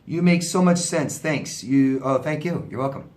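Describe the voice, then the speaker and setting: A man with a slightly high, somewhat mellow voice speaks at a moderate pace. He's a relationship coach fielding viewer questions in casual advice talk, sounding conversational and sympathetic and frequently tossing in "right?".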